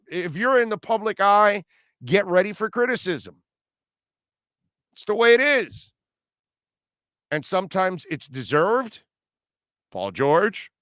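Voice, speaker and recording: A man's voice: high voice, bright, forceful tone, dry recording, studio quality. A middle-aged man hosting a radio talk show, delivering a blunt, ranting opinion monologue full of casual slang.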